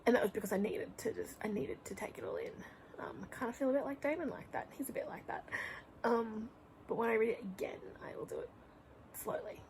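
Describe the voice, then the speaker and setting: A woman's voice: a little high, brisk, darkish tone, slight background noise, low-quality recording. A young woman chatting casually in a reading vlog at home, gushing and rambling, often dropping to a whisper. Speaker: book vlogger. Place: home room.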